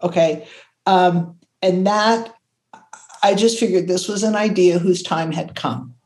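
An older woman from Canada, a creativity consultant, telling stories in an animated, conversational way and acting out the voices she quotes. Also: measured pace. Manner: expressive, acts out quotes, jumps to high pitch when excited.

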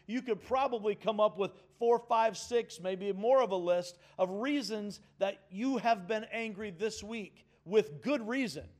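High-voiced, slow-spoken preaching man. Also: darkish tone. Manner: earnest, emphatic, with audience call-and-response. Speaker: pastor. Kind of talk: sermon.

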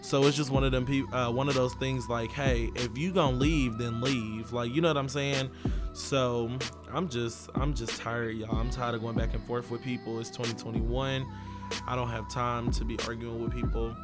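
A man's voice: medium pitch, flat delivery, moderate pace, loud music behind the voice. A young man talking straight to his viewers in a casual vlog, rambling with lots of "like" and "um". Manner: casual, meandering, filler-heavy with likes and ums. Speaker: vlogger.

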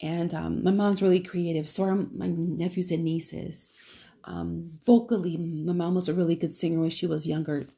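Gravelly, low-voiced woman podcaster. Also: little pitch movement, moderate pace, dark tone. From California. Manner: loving, rambling, with many fillers and restarts. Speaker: podcast host. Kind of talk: casual solo podcast monologue.

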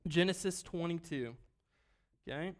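A man preaching to a congregation in a church, with a fairly high voice. He talks casually and keeps asking the room questions. He jumps from loud, emphatic bursts to quiet asides. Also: a little slow, slight background noise. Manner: conversational, asks the congregation questions. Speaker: pastor. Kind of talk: sermon.

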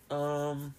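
A man's voice: on the high side, slight background noise. A young man hosting a podcast in casual chat, rambling and swearing a lot and often laughing. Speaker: podcast host.

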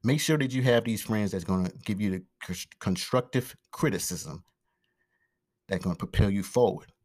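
A man hosting his own podcast alone, talking fast and loosely with slang, fillers and restarts. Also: lowish voice, darkish tone. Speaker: podcast host. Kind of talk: casual solo podcast monologue. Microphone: podcast microphone.

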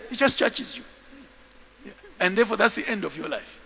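A man preaching a sermon as a bishop, telling stories in an animated way and acting out the scenes. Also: high-pitched, brisk, vocal fry, big-room sound.

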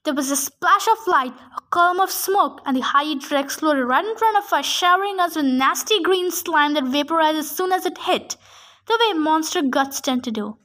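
A woman reading a novel chapter aloud for her podcast, eager and a little halting with restarts. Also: sits high, lively intonation, fairly bright tone.

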